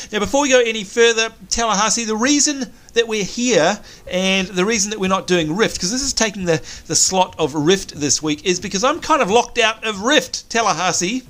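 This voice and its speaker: A man's voice: high-pitched, a bit bright. A man, hosting a gameplay commentary in an upbeat, chatty way and talking to viewers as folks. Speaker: let's play host.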